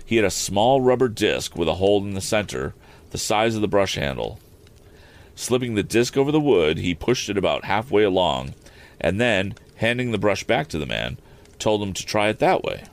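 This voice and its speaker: Deep-voiced man reading a story aloud. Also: normal speed. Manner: relaxed, occasional slips and self-corrections. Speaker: reader.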